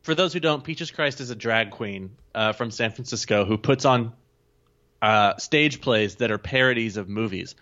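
A man co-hosting a podcast in casual chat, talking quickly and swearing casually. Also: fairly low pitch, fairly bright tone, muffled recording. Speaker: podcast co-host.

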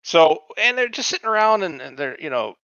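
Man, podcast co-host, profane, blunt, forceful bright tone, dry dull recording. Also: a little high, brisk, smooth, no echo. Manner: blunt, profane, animated retelling. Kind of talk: profane casual chat about a TV show.

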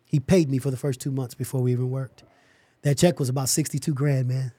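A middle-aged man, a podcast guest, telling an animated story about starting his company and acting out the dialogue. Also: medium pitch, a little fast, husky.

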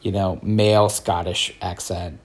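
A man co-hosting a podcast, reflecting out loud and qualifying his points. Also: deep voice, flat delivery, measured pace. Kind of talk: casual discussion.

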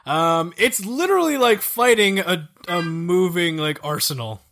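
A man's voice: high-pitched, animated, vocal fry, a bit bright. A man co-hosting a podcast, casually chatting about a video game in a playful, joking way. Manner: playful, joking, quick to laugh. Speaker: podcast co-host.

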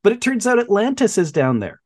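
A man hosting a podcast in casual chat, animated, laughing often and briefly mimicking voices. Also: high-pitched, brisk, no room sound, studio quality. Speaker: podcast host.

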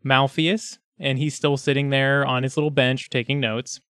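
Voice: medium pitch, little pitch movement, normal speed, a bit bright, smooth, no echo, studio quality. A game master running a tabletop game in a casual, swearing manner.

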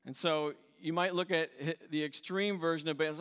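A pastor giving a conversational sermon, retelling a story and acting out its voices with a light laugh. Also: male voice, on the high side, moderate pace, a bit bright, clear, resonant tone, long reverb tail.

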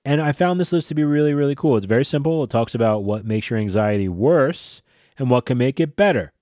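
A man's voice: mid-range voice, lively intonation, brisk, warm tone, no room sound, clean studio sound. A man in his forties hosting a solo podcast, talking casually and rambling, with plenty of swearing, fillers and restarts. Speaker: podcast host.

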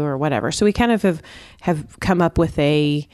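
Woman, low voice, earnest, conversational, dry close sound. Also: normal speed, few pauses, a little mellow, dry recording. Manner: earnest, explains with examples from home life. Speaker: podcast co-host. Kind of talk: casual podcast chat.

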